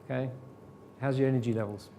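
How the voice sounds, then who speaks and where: A man's voice: mid-range voice, fairly even intonation, fast, mellow, a little hiss or hum. A man teaching a sales seminar to a live audience, firing rhetorical questions at the room. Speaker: sales trainer.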